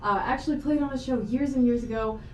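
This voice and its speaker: A woman's voice: fairly high pitch, fast. Playful young woman podcast host, roomy sound. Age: 20s. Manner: playful, teasing. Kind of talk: casual chat. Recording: roomy, distant mic, faint hiss.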